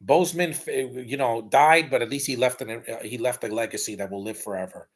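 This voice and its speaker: A man's voice: medium pitch, brisk. A man giving casual, blunt and rambling live commentary while rewatching a film. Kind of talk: casual opinionated watch-along commentary.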